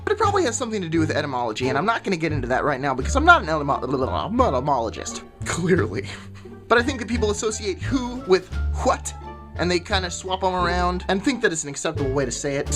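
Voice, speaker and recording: A woman vlogger delivering an exasperated, sarcastic comedic rant to camera. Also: fairly low pitch. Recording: music clearly under the voice.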